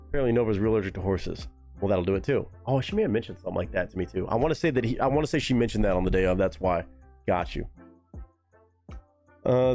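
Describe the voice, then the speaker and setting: Young male streamer, lively and profane, casual chat over faint music. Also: on the low side. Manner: animated, profane, reads chat aloud. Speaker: live-stream reaction host. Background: faint music playing.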